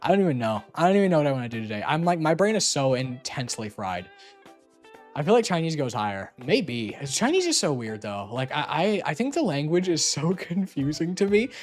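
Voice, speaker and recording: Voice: medium pitch, big pitch swings, brisk, faint music behind. A streamer chatting casually on a call, rambling and teasing playfully with lots of filler words.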